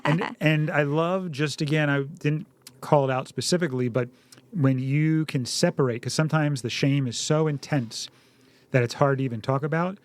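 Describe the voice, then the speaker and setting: A man's voice: fairly high pitch, normal speed, no echo. A middle-aged man co-hosting a parenting talk, earnest and storytelling, acting out little dialogues. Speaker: podcast co-host, parent.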